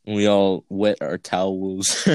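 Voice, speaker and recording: A man co-hosting a podcast, telling stories in a quick, joking way and laughing often. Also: low voice, flat delivery, a crowd in the background. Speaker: podcast co-host. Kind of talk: casual chat.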